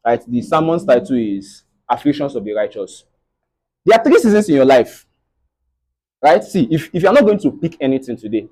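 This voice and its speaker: A young Nigerian man with a Nigerian English accent gives a faith-based motivational talk to a live audience, preaching and often asking "right?" His voice is mid-range, a little mellow and slightly rough, and the audio is poor.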